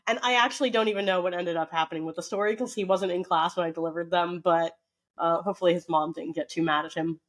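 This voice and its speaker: A woman co-hosting a podcast, telling a story in a chatty, animated way with plenty of fillers. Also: lowish voice, quick pace. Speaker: podcast co-host. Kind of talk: casual storytelling chat.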